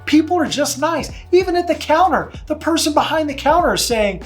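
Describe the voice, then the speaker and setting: A man's voice: extremely high pitch, lively intonation, fairly quick, few pauses, soft background music. A man working as a real estate agent, from Texas, speaking in a casual, chatty vlog style with fillers and asides. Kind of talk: casual talking-to-camera vlog.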